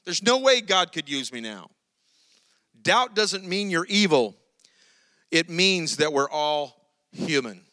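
A man preaching with a high, bright and forceful voice. He tells the story with animated energy, like a preacher drawing his listeners in. The sound is close and dry, with little room echo. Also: slow, pauses often. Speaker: pastor. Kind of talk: sermon.

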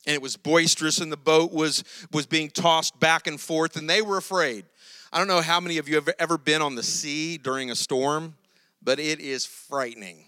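Bright, high-voiced male preacher. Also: moderate pace, smooth, no echo. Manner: animated storytelling preacher. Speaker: pastor. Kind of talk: sermon.

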